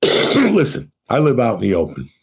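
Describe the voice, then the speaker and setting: A middle-aged man hosting a podcast, telling stories in a profane, animated way and acting out what people said. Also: medium pitch, normal speed, creaky, slightly rough. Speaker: podcast host. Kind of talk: casual storytelling chat.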